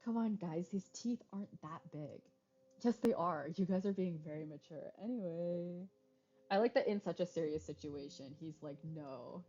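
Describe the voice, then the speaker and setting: A woman streams a game, reading dialogue choices aloud, swearing freely, and tossing in jokey asides. Her voice is low and warm at normal speed, over slightly dull lo-fi stream audio with faint music.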